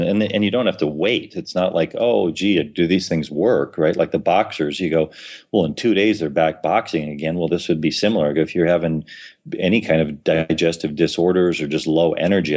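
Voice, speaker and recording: A man's voice: deep voice, darkish tone. A man talking casually as a podcast guest, with many restarts and repeated words.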